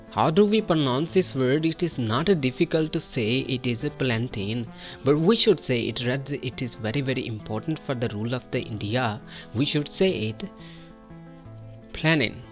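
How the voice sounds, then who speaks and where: A man's voice: medium pitch, soft background music. A man from Pakistan with a Pakistani accent, teaching English pronunciation and stretching out model words for the listener to repeat. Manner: drawn-out model words for repetition. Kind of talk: pronunciation lesson with repeat-after drills.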